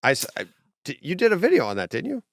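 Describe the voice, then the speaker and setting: A man's voice: a little high, wildly swooping pitch, fast, vocal fry, fairly bright tone, no room sound, clean studio sound. A man hosting a podcast in casual chat, enthusiastic, laughing often and acting out quotes. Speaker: podcast host.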